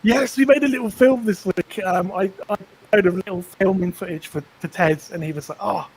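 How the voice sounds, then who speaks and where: A man's voice: high voice, brisk, breathy edge, poor audio. A man co-presenting a live stream in a casual, jokey way, hamming up comic skits with mock panic. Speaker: guest co-presenter.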